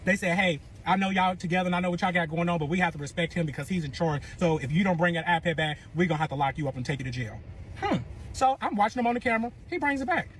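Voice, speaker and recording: A man's voice: high-pitched, lively intonation, very fast, fairly bright tone, slight background noise. A man telling a dramatic breakup story in a profane, boastful rant, acting out the other voices. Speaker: storyteller in a reacted clip.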